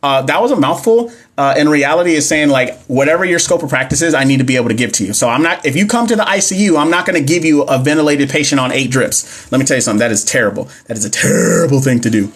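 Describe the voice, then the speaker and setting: A man's voice: on the high side, animated, fast, few pauses, fairly bright tone. A young man, teaching nursing exam questions on a casual livestream and answering viewers' comments as he goes. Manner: chatty, reads questions aloud, talks back to viewer comments. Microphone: phone or webcam mic.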